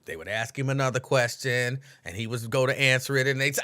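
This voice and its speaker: A man's voice: mid-range voice, fast, hardly any pauses. A man hosting a casual late-night livestream, chatty and repetitive, breaking into laughs and mimicking people. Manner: animated, laughing, repeats lines, mimics others. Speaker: host.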